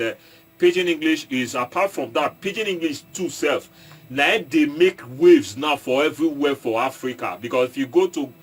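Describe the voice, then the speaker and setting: Halting Nigerian man talking to viewers. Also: medium pitch, breathy edge. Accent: Nigerian, Edo State. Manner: halting, repeats and restarts, mixes in Pidgin, asks viewers if they follow. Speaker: online commentator and entertainer. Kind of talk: casual monologue to viewers.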